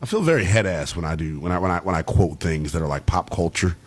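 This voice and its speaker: A man's voice: low voice, quick pace, slightly rough. A young man hosting a late-night sports call-in radio show, playful and laughing often as he riffs with callers. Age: young adult. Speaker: sports talk radio host.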